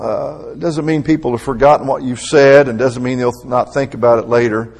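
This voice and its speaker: Middle-aged male preacher, husky and gravelly, conversational delivery with emphatic swells. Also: medium pitch, fairly even intonation, normal speed, hardly any pauses, a little mellow. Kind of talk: sermon.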